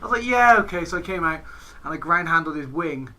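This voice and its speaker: A man's voice: a little high, expressive, quick pace, bright, forceful tone. A man from England hosting a podcast, telling stories in casual chat and acting out what friends said. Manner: chatty storyteller, acts out quoted friends. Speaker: podcast host.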